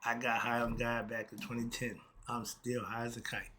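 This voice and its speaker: A man's voice: medium pitch, flat delivery, moderate pace, sharp tone, slight background noise. A man giving a casual spoken lecture on self-knowledge and happiness, in a preachy way that asks questions and answers them himself. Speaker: self-help philosophy talk host.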